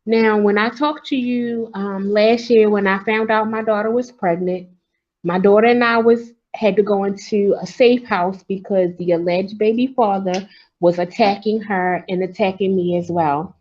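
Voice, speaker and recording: A woman's voice: mid-range voice, fairly even intonation, normal speed, a little mellow, highs cut off. A grandmother from Maryland calling in to a talk show, telling her story in a frustrated, insistent way. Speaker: caller. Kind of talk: call-in talk.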